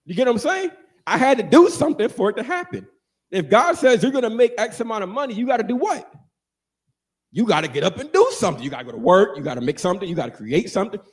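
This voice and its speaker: A man preaching a sermon, animated and joking, asking the congregation questions and answering them. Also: sits high, fast, breathy edge. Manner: animated, call-and-response, jokes with congregation.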